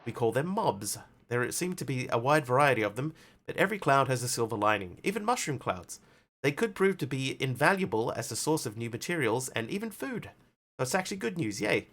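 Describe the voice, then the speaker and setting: A man's voice: medium pitch, a little fast. A man streaming a survival game, chatting casually and reading story text aloud with theatrical flair. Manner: animated, jumping between chatty asides and theatrical reading.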